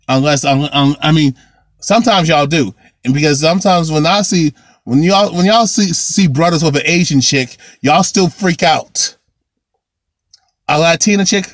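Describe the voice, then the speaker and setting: A man's voice: on the high side, no echo, clean studio sound. A man vlogging a heated, ranting monologue to camera, repeating himself and restarting phrases. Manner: heated, repetitive, circles back and restarts.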